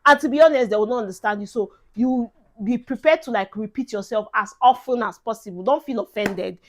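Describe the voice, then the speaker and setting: Young Nigerian woman vlogger, emphatic and chatty, somewhat high-pitched, mixes in Pidgin. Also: fairly quick. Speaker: vlogger giving advice to incoming students. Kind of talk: casual advice vlog.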